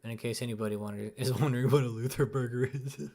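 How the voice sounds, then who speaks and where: A young man hosts a live commentary stream in an angry, profane rant. His voice sits at an ordinary middle pitch, and he ends his sentences with "dude" or "man" as he vents. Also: fairly even intonation, fast talker, gravelly, warm tone. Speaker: channel host.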